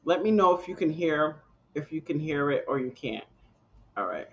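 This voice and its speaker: A woman's voice: sits low, expressive, normal speed, lo-fi sound. A woman hosting a live-stream reaction, chatting casually and exclaiming freely. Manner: chatty, exclaiming, breaks into laughter.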